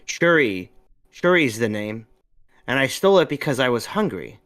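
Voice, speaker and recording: A cocky young girl thief, put on by a man reading the story with a shrill, mocking edge. Her voice jumps up in pitch and rides high and loud when she gets defiant. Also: unhurried. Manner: mocking, shrill, rising to shouts.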